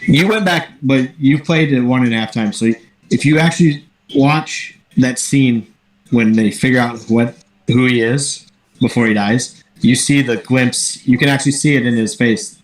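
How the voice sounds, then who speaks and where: A man's voice: medium pitch, normal speed. A man speaking as a podcast guest in casual chat, thoughtful and earnest. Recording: roomy echo.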